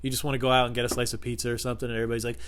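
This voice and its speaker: A man's voice: medium pitch, flat delivery, rapid-fire, a bit bright. A man hosting a solo podcast, telling rambling, profane comic stories from home. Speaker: podcast host. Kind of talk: solo comedic storytelling podcast.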